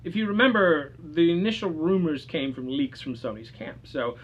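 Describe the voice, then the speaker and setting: A man's voice: on the high side, normal speed, muffled recording, slight background noise. A man co-hosting a casual gaming chat, chatty and opinionated, swearing now and then. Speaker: co-host of a gaming channel.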